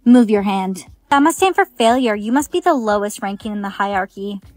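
A text-to-speech woman's voice reading a storytime script, voicing every role with even synthetic delivery. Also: mid-range voice, brisk, faint music behind.

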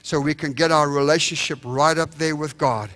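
Bright-voiced animated man preaching a revival. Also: on the high side, moderate pace. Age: young adult. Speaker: evangelist. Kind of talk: revival sermon. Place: church sanctuary.

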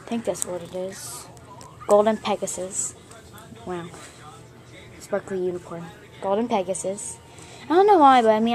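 A woman's voice: mid-range voice, darkish tone. A girl showing her toy collection in a casual vlog from her bedroom, chatty and gushing, rambling with fillers. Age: child. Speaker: vlogger showing her plush toys. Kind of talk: casual show-and-tell vlog.

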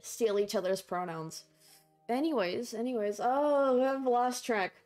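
A woman streamer chatting casually with her viewers during a game livestream, rambling and excitable, quick to shriek and laugh. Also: fairly high pitch, soft background music.

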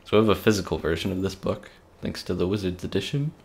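A man's voice: sits low, quick pace, a little mellow. A man giving casual, jokey gameplay commentary, laughing often and reading game text aloud.

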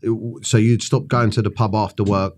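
A low-voiced man hosting a casual podcast interview. He asks blunt, probing questions and swears freely. His talk is loose and conversational. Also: flat delivery, fairly quick, darkish tone. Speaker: podcast host.

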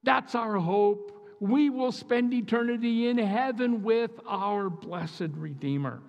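This sermon comes from a guest preacher, a man with an Upper Midwest American accent who is earnest and emphatic and keeps repeating his phrases. He speaks slowly in a high voice, and the audio sounds dull, with a long reverb from the church sanctuary.

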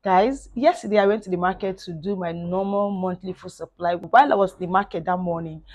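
A woman's voice: fairly low pitch, darkish tone. Chatty Nigerian woman vlogging. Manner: chatty and effusive, with frequent "like" and "guys". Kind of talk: casual vlog chat.

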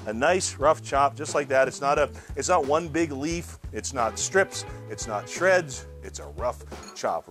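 A man's voice: mid-range voice, lively intonation, measured pace, a bit bright, soft background music. A man hosting his own cooking show, chatting casually to viewers while he demonstrates a recipe, often repeating words as he goes. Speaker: cooking channel host.

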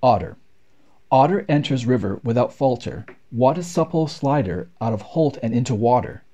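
A man reading nature poems aloud in a rhythmic, expressive way. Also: mid-range voice, normal speed. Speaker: reader. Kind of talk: poetry read aloud.

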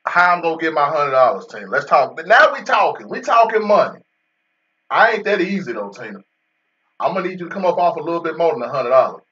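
A man hosts casual, joking commentary over a football video game, bantering about getting paid with an unseen in-game agent in AAVE-flavored casual speech. His voice is fairly high, expressive, fast, bright and forceful. He sits far from the mic, and the sound is lo-fi.

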